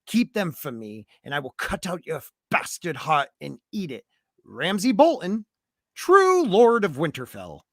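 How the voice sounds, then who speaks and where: A man voicing a cruel young male lord, reading out a threatening letter slowly in a put-on accent. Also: fairly high pitch, huge pitch swings, no echo, clean studio sound, heavily acted. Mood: menacing.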